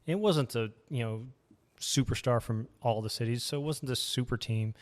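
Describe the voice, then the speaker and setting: A man's voice: mid-range voice, normal speed. Reflective man in a reverberant room. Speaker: podcast guest. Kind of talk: casual chat.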